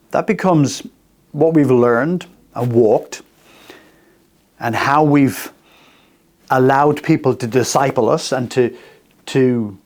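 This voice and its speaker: A man's voice: medium pitch, darkish tone. A man in his sixties hosting a radio faith talk, earnest and personal, speaking in short repeated phrases. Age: 60s. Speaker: radio host. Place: radio studio.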